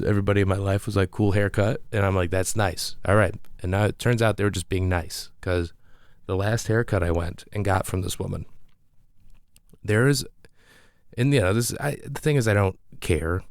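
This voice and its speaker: A man's voice: lowish voice, no echo, studio quality. A man, a comedian, telling a rambling, self-deprecating story in a casual monologue with frequent restarts.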